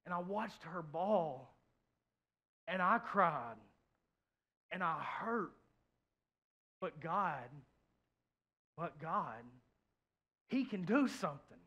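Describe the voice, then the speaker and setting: A pastor preaching a heartfelt sermon in church, sharing a personal story, repeating phrases and swinging from soft to loud. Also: male voice, high voice, expressive, drawn-out words, long pauses. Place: church, before a congregation.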